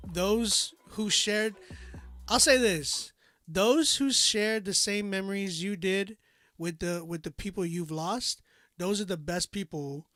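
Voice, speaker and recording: A man's voice: on the high side, fairly bright tone, no echo, clean studio sound. A young man hosting a livestream, talking in a casual, slangy, encouraging way. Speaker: livestream host.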